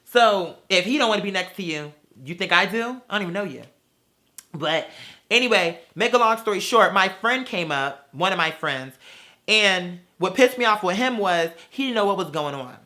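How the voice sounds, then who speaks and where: Brash sassy guy ranting, swears nonstop, bright sharp voice, does mocking voices. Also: high-pitched, expressive, moderate pace. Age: adult with children. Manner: sassy, brash, swears constantly, calls people girl and bitch; theatrical, mocks people in put-on voices. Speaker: vlogger. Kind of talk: profane ranting storytime.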